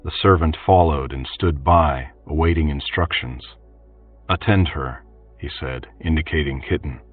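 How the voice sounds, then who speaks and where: A man doing a steady, even scripted narration of a fantasy audiobook, with faint music behind. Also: a bass voice, moderate pace, slightly rough. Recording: distant tinny phone-like sound, faint music.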